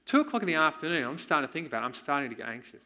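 A man's voice: a little high, very animated, rapid-fire, sharp tone. A man, giving a candid personal testimony in a sermon and chuckling now and then as he tells the story. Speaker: church speaker.

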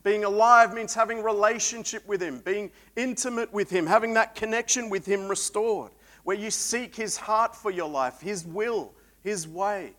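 A man preaching a sermon, swinging between loud emphatic peaks and quiet reflective stretches. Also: high voice, moderate pace.

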